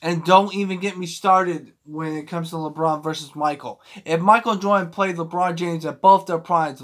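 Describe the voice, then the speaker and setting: A man with a somewhat high-pitched voice delivers a heated, profane rant straight to the camera. He sounds agitated and keeps circling back, repeating and restarting phrases as he pushes his point. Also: a bit bright. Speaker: sports fan vlogger.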